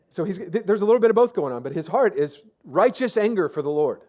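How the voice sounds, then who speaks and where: A man's voice: high-pitched, expressive, quick pace, darkish tone. A man preaching a sermon as pastor, telling the story in a casual, chatty way with lots of fillers and restarts. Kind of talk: conversational sermon.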